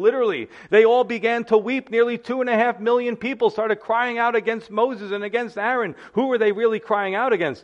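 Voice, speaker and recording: A man's voice: high voice, highs cut off. A man preaching a sermon as pastor, emphatic and repeating key phrases, calling his listeners guys.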